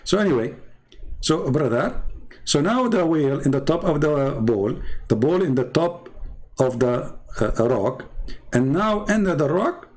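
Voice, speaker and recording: A man's voice: on the high side, sing-song, a little slow, darkish tone. A man speaking in mocking, sarcastic commentary in non-native English, drawing on screen as he talks.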